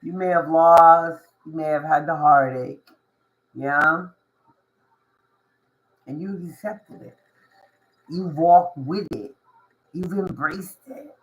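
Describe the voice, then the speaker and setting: A woman giving a casual tarot reading to camera. She talks in a slangy, drawn-out way, swears, and laughs often between thoughts. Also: low-pitched, rough recording. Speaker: tarot reader.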